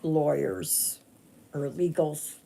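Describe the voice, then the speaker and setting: Speaking extremely slowly in a low, steady, mellow voice with vocal fry, a Canadian cross-stitch vlogger rambles casually on a live stream as she stitches, using many fillers and restarts.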